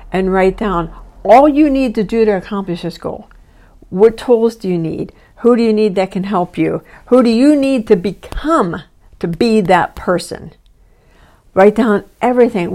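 A woman in her sixties hosts a self-help podcast, speaking straight to the listener. Her voice sits at an ordinary middle pitch, and her delivery is earnest and instructive, like a coach giving homework. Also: darkish tone. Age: 60s. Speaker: podcast host and life coach.

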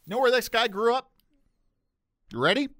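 A man's voice: very high-pitched, animated, moderate pace, pushed and bright, no room sound, clean studio sound. A man co-hosting a casual chat show, enthusiastic and playful, ribbing his partner. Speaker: podcast co-host.

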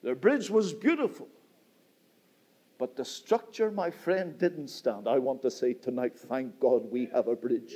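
A man's voice: medium pitch, expressive, a little slow, mellow, husky. A middle-aged man from Northern Ireland, with a Northern Irish accent, preaching an evening church sermon in a rising and falling cadence and often saying "my friend". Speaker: visiting preacher.

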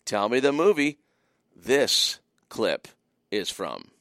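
Lively radio host, dry studio sound. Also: male voice, mid-range voice, takes it slowly, dry recording. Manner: animated, teasing, repeats phone numbers. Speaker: radio host running a movie trivia call-in. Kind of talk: casual radio call-in chat.

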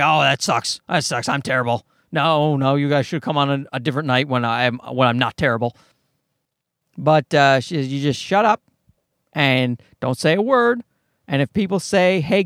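A man's voice: sits high, dry recording, clean studio sound. A man in his thirties from Newfoundland, a stand-up comedian telling a rambling, profane story in a casual monologue. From Newfoundland, Canada. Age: 30s. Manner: rambling, easily sidetracked; profane and blunt.

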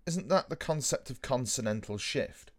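A man's voice: medium pitch, expressive, moderate pace. A man co-hosting a casual podcast chat, musing aloud in a rambling way.

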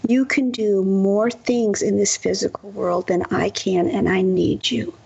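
A woman voicing a calm, patient divine spirit. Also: mid-range voice, unhurried, creaky, husky, muffled recording. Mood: gentle.

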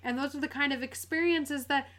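A woman's voice: high-pitched, steady tone, brisk, fairly bright tone. A woman hosting a podcast, speaking earnestly and enthusiastically in a casual chat. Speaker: podcast host.

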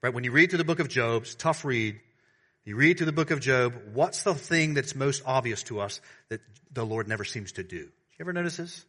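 A male pastor preaching a sermon, alternating between fervent, raised declarations and soft, hushed appeals to his congregation. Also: mid-range voice, brisk, husky. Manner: swings from loud preaching to hushed tenderness; addresses the congregation as beloved.

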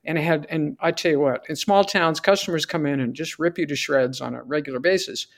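A middle-aged woman with a low-pitched voice speaks briskly as a podcast guest, sharing an earnest faith testimony. She tells it like a storyteller, acting out her prayers and the dialogue.

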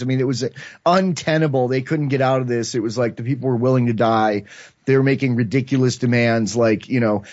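Speaking briskly at a medium pitch, a man who is a filmmaker and podcast guest rambles animatedly through a story in casual conversation, performing the quoted lines. The sound is dry and dull lo-fi, without echo.

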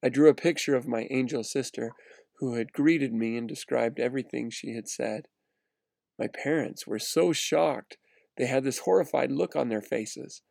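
Man with a gravelly narrating voice. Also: medium pitch, moderate pace, no echo. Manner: earnest, steady reading with small restarts. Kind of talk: read-aloud first-person story narration.

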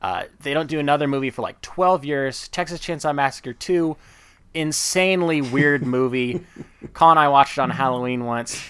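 Bright, chatty male podcast host. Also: on the high side, normal speed, smooth, no room sound. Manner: rambling, enthusiastic, full of fillers and asides. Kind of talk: casual chat.

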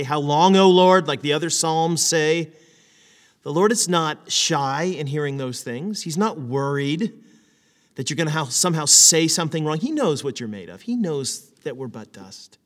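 A man preaches in a lively, conversational way, throwing out rhetorical questions. His voice sits a little high. A long hall reverb trails behind every word. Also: moderate pace. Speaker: pastor. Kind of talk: sermon.

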